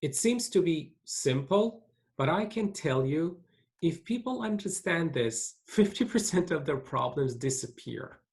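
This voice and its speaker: A man teaching a webinar in an earnest, explaining manner, pitch sitting a little high for a man. His voice swings widely up and down as he stresses points, often restarting and repeating himself. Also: lively intonation, a little slow, creaky, darkish tone. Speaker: webinar presenter.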